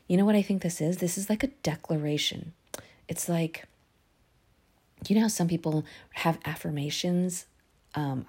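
A woman teaching a casual Bible lesson, retelling the stories in a lively way with many fillers. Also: low voice, moderate pace, husky.

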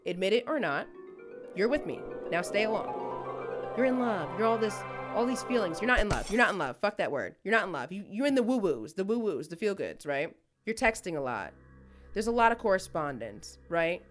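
A woman's voice: mid-range voice, sing-song, brisk, faint music behind. A woman co-hosting a podcast in casual comedic chat, brash and profane, breaking into playful voices. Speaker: podcast co-host.

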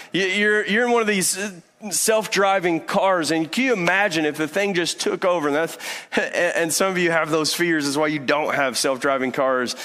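A man in his thirties preaching a sermon as pastor, telling stories with lively restarts and repeated words. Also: on the high side. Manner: animated storytelling with many restarts. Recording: long hall reverb.

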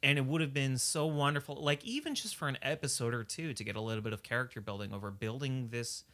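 Woman, podcast co-host, casual chat, animated, bright tone. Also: very deep voice, fast. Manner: animated, builds long points.

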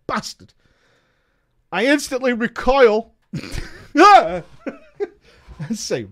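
A man with a voice higher than most men's reads a story aloud for his stream. He takes it slowly and breaks off to swear, laugh and joke with his viewers. His reactions run loud and animated. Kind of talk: reading a story aloud with live commentary.

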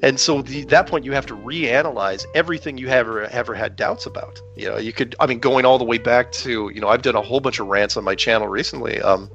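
A man launches into a heated rant, stumbling over restarts and throwing in "right?" to push his case. His voice sits in an ordinary middle pitch. The sound is dull and lo-fi, with faint music underneath. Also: creaky, fairly bright tone. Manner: heated, rapid, many restarts and rhetorical "right?". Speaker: podcast guest with his own channel. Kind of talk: casual conversational rant.

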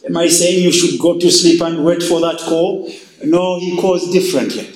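A male pastor preaching a sermon, slow and emphatic, with dramatic pauses. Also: fairly high pitch, fairly even intonation, reverberant, poor audio.

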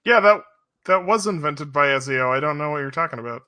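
High bright voiced guy making jokey quips on a podcast. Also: animated, brisk, no room sound. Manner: joking, quips. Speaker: podcast panelist. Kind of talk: casual chat.

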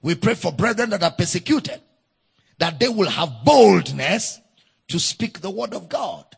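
A man's voice: sits high, expressive, unhurried, vocal fry, husky. A man with a Nigerian accent preaching a sermon as pastor, emphatic and leading the congregation in call-and-response. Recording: echoey church hall.

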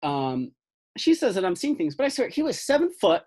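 A role-player voicing an excitable older man with a Southern accent who rambles and hesitates. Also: a little fast. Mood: excited. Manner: rambling, hesitant, rises to high excited pitch.

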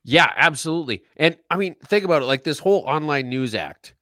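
A man's voice: fairly high pitch, lively intonation, brisk, bright, forceful tone, no room sound. A man co-hosting a podcast, ranting casually about politics with lots of filler words. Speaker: podcast co-host.

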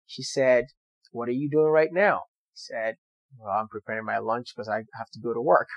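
A man's voice: mid-range voice, fairly even intonation, moderate pace, no room sound, highs cut off. A young man earnestly telling a personal story to viewers, with motivational emphasis. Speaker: doctor sharing his story.

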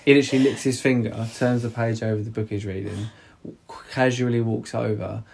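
A man talking casually about a film, rambling and halting with many restarts. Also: mid-range voice, steady tone, creaky, a little mellow, husky.

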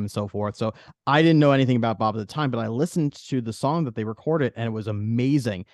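A man's voice: mid-range voice, brisk, a little mellow, no echo. A man hosting a podcast in casual chat, rambling with many restarts. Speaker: podcast host.

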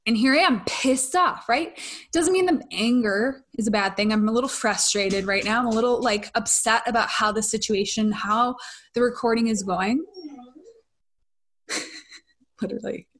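A woman's voice: a little high, normal speed, fairly bright tone. A young adult woman hosting a podcast in a casual monologue, talking conversationally and often tagging her points with "right?". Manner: conversational, frequent "right?" tag questions. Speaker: podcast host.

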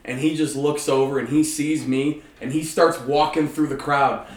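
A man's voice: on the high side, fairly even intonation, normal speed. A man telling a rowdy story in casual, profane chat. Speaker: podcast host. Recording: echoey room.

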